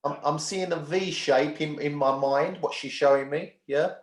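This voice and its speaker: A man's voice: a little high, fairly even intonation, normal speed, roomy sound. A man working as a spiritual medium, giving readings from home and often checking in with his sitter.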